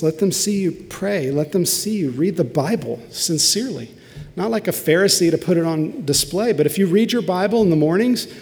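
Earnest middle-aged pastor, gravelly voice. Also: male voice, on the high side, darkish tone. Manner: earnest, confessional storytelling. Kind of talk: sermon. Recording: long hall reverb.

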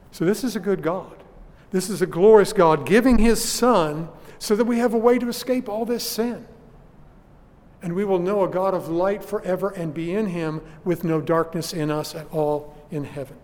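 A man's voice: high-pitched, moderate pace, darkish tone, in a large hall. A man preaching a sermon to his congregation, earnest and questioning his listeners. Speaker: pastor.

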